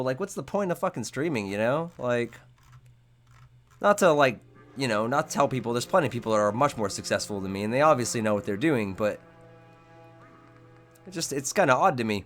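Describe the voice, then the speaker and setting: A young man rambles casually to his chat while he plays a game. His pitch is mid-range and he swears often. Faint music plays under his voice. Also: expressive, brisk, pauses often, fairly bright tone. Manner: rambling, profane, chatty. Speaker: streamer. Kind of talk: casual live-stream chat.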